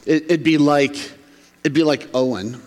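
A man's voice: on the high side, unhurried, a little mellow. A man preaching a sermon as a pastor, in a conversational way that acts out the reactions of the townsfolk. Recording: long reverb of a large hall.

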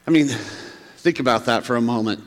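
Pastor preaching in an echoing hall. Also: male voice, mid-range voice, fairly quick. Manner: conversational, acts out townsfolk's reactions. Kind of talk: sermon. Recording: long reverb of a large hall.

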